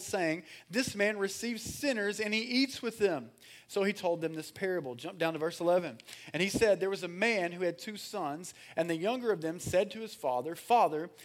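High-voiced energetic male pastor. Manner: energetic, calls for congregation responses; reads scripture aloud with frequent uh fillers. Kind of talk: sermon.

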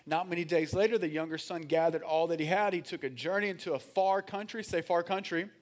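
A man preaching a sermon as pastor, energetic, calling on the congregation to answer and reading scripture aloud with frequent fillers. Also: on the high side, brisk. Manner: energetic, calls for congregation responses.

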